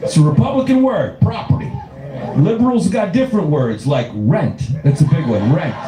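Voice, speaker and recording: A man's voice: a little high, expressive, moderate pace, music in the background. A man doing a stand-up comedy set, riffing profanely and laughing through his own jokes. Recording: roomy club with live audience.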